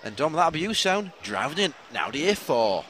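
Male co-host, animated bouncy pitch, teasing banter, faint street noise. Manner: teasing, quick-witted banter. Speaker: podcast co-host. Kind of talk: casual chat.

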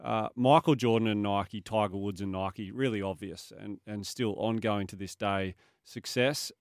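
A man with a low voice and an Australian accent chats easily on a breakfast sports radio show, reading out listener texts. His tone is smooth and resonant. The studio sound is dry and close. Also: steady tone, normal speed, no echo. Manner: chatty, reads listener texts aloud. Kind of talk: casual radio chat.

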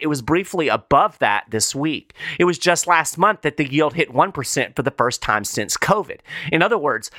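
Guy hosting his own show, ranting skeptical commentary, sarcastic, punchy bright voice, dry close sound. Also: a little high, no echo. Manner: emphatic and sarcastic; opinionated, skeptical. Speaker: show host. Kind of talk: solo commentary monologue.

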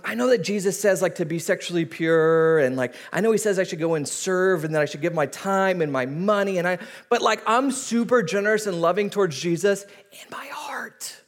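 A man's voice: sits high, brisk. A man in his thirties preaching a sermon as a pastor, telling stories and acting out voices. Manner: animated storytelling, acting out voices.

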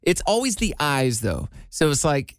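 A man from Iowa co-hosting a podcast, telling stories in an animated, casual way. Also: a little high, normal speed, no echo, clean studio sound. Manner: animated, storytelling. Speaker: podcast co-host. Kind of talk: casual chat.

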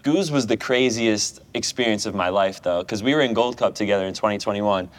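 A man's voice: on the low side, fairly quick. A man from the United States, a guest in his thirties, chatting casually and telling stories with frequent laughs. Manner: chatty storyteller, laughs often. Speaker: guest goalkeeper. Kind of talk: casual chat.

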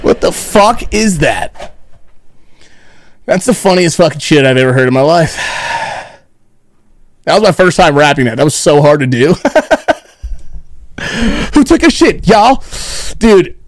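A man's voice: on the high side, expressive, moderate pace, long pauses, no echo, studio quality. A man hosting a podcast in loose, joking casual chat, swearing freely. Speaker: podcast host.

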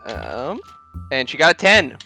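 A man's voice: mid-range voice, wildly swooping pitch, a little slow, creaky, pushed and bright, husky, faint music behind. A man playing a tabletop game, describing his character's actions in long rambling sentences. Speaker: player.

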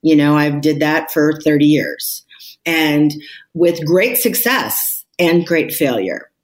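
A woman's voice: deep voice, slow pace. A woman speaking candidly and reflectively as a podcast interview guest, emphatic at times. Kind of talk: podcast conversation.

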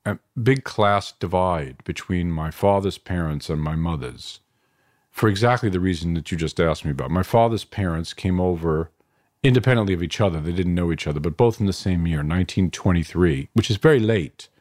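A man's voice: low voice, a little fast, a little mellow, dry recording, studio quality. A middle-aged man from New York, a filmmaker reflecting at length in an interview, digressive with frequent restarts and asides. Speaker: filmmaker guest.

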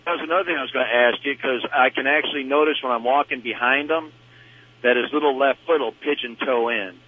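A man's voice: medium pitch, fast talker, slightly rough. A man calling in to a radio show, chatty and describing his dog's symptoms in detail. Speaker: caller. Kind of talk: phone-in question. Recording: dull phone-in line.

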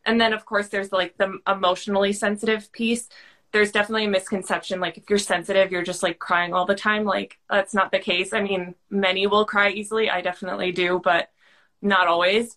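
A woman guest on a podcast explains a trait in easy conversational speech. Her voice is mid-pitched and ordinary, and her delivery is earnest and chatty, with frequent "like" fillers. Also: fairly bright tone. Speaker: guest expert on high sensitivity.

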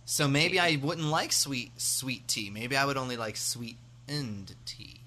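A man's voice: mid-range voice, expressive, a little slow, pushed and bright. An American man co-hosting a podcast, chatting casually in a rambling, jokey way with many fillers. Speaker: podcast co-host. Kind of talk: casual chat.

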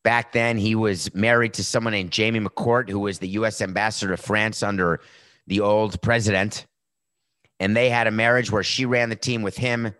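A man's voice: on the low side, fairly even intonation, normal speed, a bit bright, no room sound. A middle-aged man hosting a sports talk show, giving a brash, sarcastic monologue with a tired, sore voice. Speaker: podcast host.

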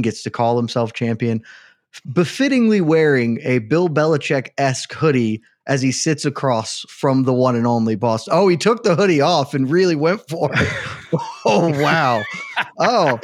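A man hosting a sports panel show, introducing guests in a playful, excited announcer style. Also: on the high side, dry recording, clean studio sound. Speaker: host.

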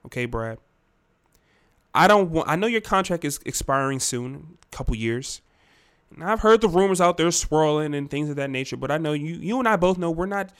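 A man's voice: mid-range voice, lightly acted. A man voicing a male team owner who earnestly pleads with and makes promises to his star player.

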